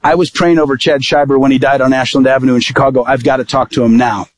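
A man preaching as an evangelist, telling a personal story in a lively sermon style and acting out what people said. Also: medium pitch, fast, no room sound. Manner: vivid storytelling, acting out quoted dialogue.

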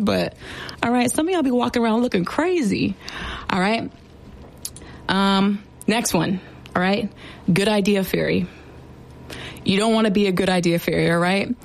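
A young woman, a sergeant, explains military slang in a chatty, playful way, packing her talk with fillers and teasing asides. Her voice is mid-range with vocal fry, and she speaks at a normal speed but pauses often.

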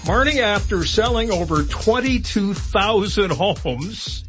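A radio show host prompting a co-host for a story in a lively way. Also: medium pitch, takes it slowly, soft background music. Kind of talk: talk radio hosting. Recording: dull radio broadcast audio.

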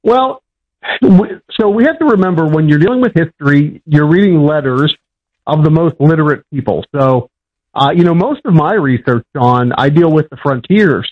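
A man's voice: a little high, moderate pace. Plainspoken man, dull lo-fi sound. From Pittsburgh, USA. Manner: plainspoken, explanatory, with frequent fillers. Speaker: historian guest. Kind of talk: conversational interview answers.

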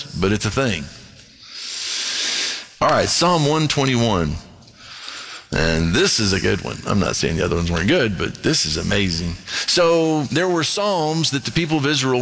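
A man preaching a sermon and reading scripture aloud, emphatic, dropping to a hush and then rising to excitement. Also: mid-range voice. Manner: emphatic, swings between hushed and excited. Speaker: pastor.

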